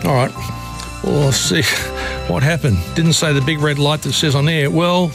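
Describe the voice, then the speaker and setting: A man's voice: a little high, fairly even intonation, normal speed, vocal fry, music in the background. A man with an Australian accent hosting late-night radio, talking casually and rambling with many fillers and restarts. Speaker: radio host.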